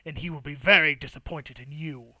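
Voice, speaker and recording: A man's voice: on the high side, brisk, bright, forceful tone, dry recording, rough recording. A man voicing a pompous, indignant male wizard envoy who speaks haughtily. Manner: haughty, scornful.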